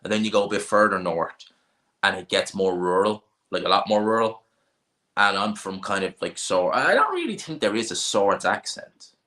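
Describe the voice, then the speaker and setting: A man with a North Dublin accent chats casually on a livestream and answers viewers' questions. His voice sits low but has a bright, forceful edge. He gives blunt, offhand opinions and often restarts his sentences. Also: big pitch swings, normal speed. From Ireland. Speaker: livestream host.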